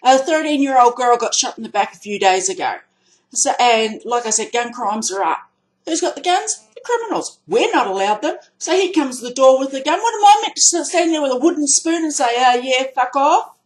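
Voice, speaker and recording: A woman with an Australian accent ranting angrily into her camera, blunt, swearing and rising to loud outbursts. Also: high-pitched, lively intonation, a little fast, rough recording. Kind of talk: angry vlog rant.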